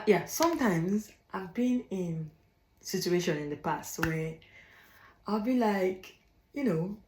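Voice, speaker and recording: In poor audio with a roomy sound and a little hiss or hum, a young African woman with a mid-range voice offers blunt advice. Her vlog is a casual monologue where she hammers points home by repeating phrases and laughs between them.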